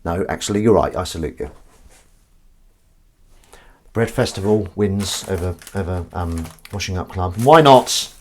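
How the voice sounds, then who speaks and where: A man's voice: low voice, measured pace, long pauses, slight background noise. A man hosting a casual livestream from home, chatting with viewers in a rambling, self-mocking way. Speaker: livestream host. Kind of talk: casual chat with live chat viewers.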